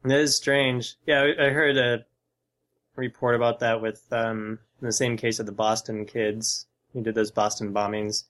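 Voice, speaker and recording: A man's voice: medium pitch, moderate pace. Podcast co-host, man, loose rambling chat, swears casually. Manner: relaxed, rambling, cursing.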